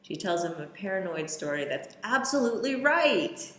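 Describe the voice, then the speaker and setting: A woman's voice: lowish voice, animated, a little slow, few pauses, fairly bright tone, roomy sound. A woman giving a casual running commentary on a film, describing scenes and throwing in wry, sarcastic asides.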